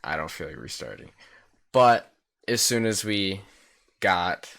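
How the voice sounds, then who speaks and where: Deep-voiced teen guy telling a story. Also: very animated, measured pace, creaky, a bit bright. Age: teenager. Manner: rambling, swears freely, fills with "like". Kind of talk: casual storytime vlog.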